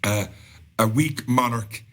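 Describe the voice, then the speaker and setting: A man's voice: mid-range voice, a bit bright. A man, co-hosting a casual podcast and recapping a show in a chatty, rambling way. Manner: chatty, rambling, quick asides. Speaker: podcast co-host.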